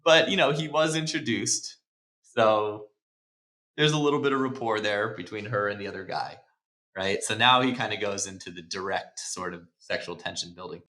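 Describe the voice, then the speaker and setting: A man's voice: on the low side, normal speed, pushed and bright. A man hosting a podcast, breaking down movie scenes in casual chat, laid-back, swearing and laughing often. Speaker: podcast host. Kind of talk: casual film-analysis chat.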